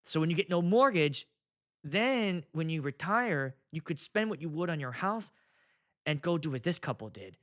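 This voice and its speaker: Animated, blunt DJ talking casually. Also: male voice, a little high, moderate pace. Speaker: wedding DJ and video host. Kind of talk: casual monologue.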